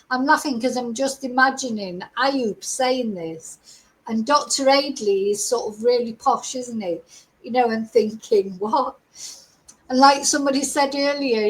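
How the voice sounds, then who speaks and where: A woman's voice: sits high, low-quality recording. A middle-aged woman giving chatty, exasperated livestream commentary as a true crime host. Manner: chatty, exasperated, laughs between remarks.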